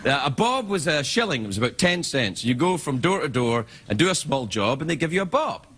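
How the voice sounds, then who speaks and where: A man's voice: on the high side, very animated, a little fast, noisy background. A man with a Scottish accent hosting a late-night comedy show, with playful, mock-indignant banter and frequent laughter.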